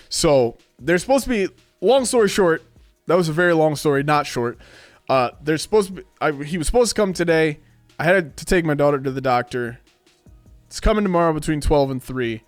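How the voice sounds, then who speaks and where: Animated, swearing male streamer. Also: a little high, moderate pace, no echo, faint music behind. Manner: animated, swears a lot, acts out quoted voices. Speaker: live streamer. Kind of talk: casual rant to stream chat. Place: home streaming room.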